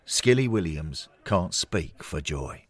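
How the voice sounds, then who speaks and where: A man narrating a scripted story in an unhurried, expressive way. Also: sits low, faint music behind.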